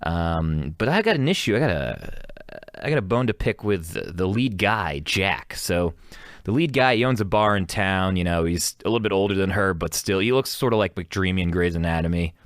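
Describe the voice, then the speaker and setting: A man's voice: deep voice, lively intonation, normal speed, no room sound, studio quality. A young man hosting a podcast, chatting casually and rambling with fillers, swearing now and then. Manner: rambling, profane, mimics characters in mocking voices. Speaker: podcast host. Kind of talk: casual solo chat.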